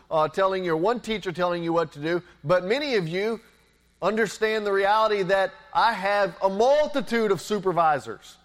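High-voiced man preaching earnestly. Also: fairly bright tone. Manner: earnest preaching with repeated words and rhetorical questions. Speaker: pastor. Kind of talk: sermon.

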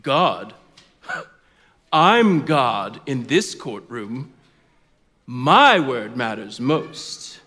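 An arrogant, corrupt judge speaks in a lower, quieter voice than the preacher's own, as a man acts him out. He drops cold, dismissive brush-offs. The lines hang in a long hall reverb. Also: sing-song, drawn-out words, pauses often, husky, heavily acted.

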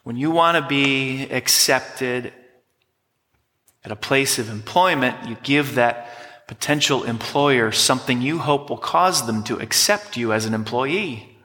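The pastor's voice is medium in pitch and sharp, his pace measured as he preaches emphatically and teaches, prompting the congregation to repeat after him. It's recorded in a church sanctuary with lengthy hall reverb.

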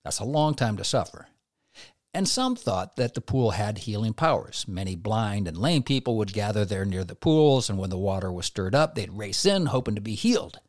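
A man preaching a devotional sermon who puts direct questions to the listener and swings between loud emphasis and soft, low asides. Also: big pitch swings, normal speed, no room sound, studio quality.

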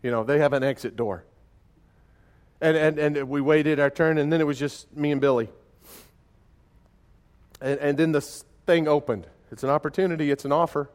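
A man preaching a sermon in a folksy, conversational way, telling stories with animated swings from quiet and slow to loud and excited, often restarting his words. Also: on the high side, smooth. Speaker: pastor.

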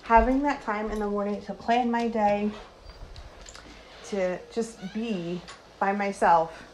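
A woman hosting her own podcast, talking casually from her home kitchen, with lots of likes and quick self-corrections. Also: mid-range voice, fairly even intonation, a little mellow, slight background noise, rough recording. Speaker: podcast host and social worker.

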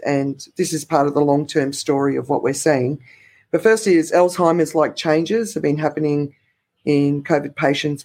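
A man's voice: on the high side, a little mellow. A man co-hosting a podcast, giving a casual roundup of news with lots of fillers and restarts. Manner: rambling, many restarts and fillers. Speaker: podcast co-host.

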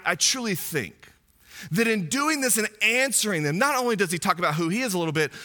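A male pastor, preaching a sermon in an animated, conversational way full of asides. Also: high voice.

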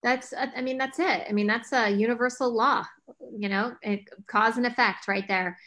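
A woman's voice: fairly high pitch, fairly even intonation, normal speed, bright, forceful tone. A woman guest on a podcast, talking earnestly about her projects with many fillers and restarts. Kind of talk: conversational interview talk.

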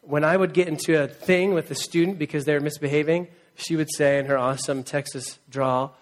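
A man's voice: a little high, fairly quick. A man in his thirties preaching a conversational sermon, earnest, often asking the congregation for a reply. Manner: conversational, earnest, asks the crowd for replies. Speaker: pastor.

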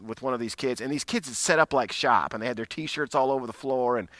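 Bright, crisp-voiced man preaching. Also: medium pitch, fast talker, no echo. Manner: conversational storytelling, self-deprecating, frequent restarts. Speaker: pastor. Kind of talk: sermon with personal story.

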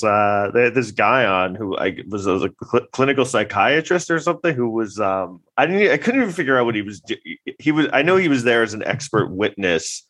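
A man's voice: on the low side, a bit bright. Laughing, profane male vlogger. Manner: laughing often, profane, rambling. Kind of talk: casual commentary.

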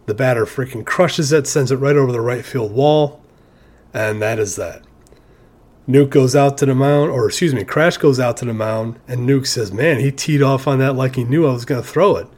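A man's voice: mid-range voice, a little mellow. Casual man recapping favorite movie scenes. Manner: conversational, chuckles at his own stories, restarts sentences. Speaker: movie fan talking about favorite scenes.

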